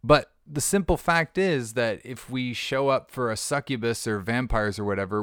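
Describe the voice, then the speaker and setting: A man's voice: medium pitch, normal speed, hardly any pauses, a bit bright, clear, resonant tone, dry recording. A man hosting a podcast, talking casually in a rambling, jokey way with restarts, recorded in a studio. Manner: rambling, self-interrupting, jokey. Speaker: podcast host. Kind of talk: casual monologue.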